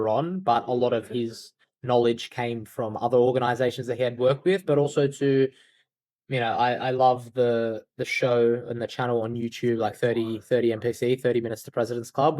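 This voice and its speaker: A man's voice: medium pitch, a little mellow, no room sound. A man speaking as a podcast guest, loose and candid, swearing now and then and leaning on "like" as he gives sales advice. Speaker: podcast guest, outbound sales agency founder. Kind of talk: casual interview talk.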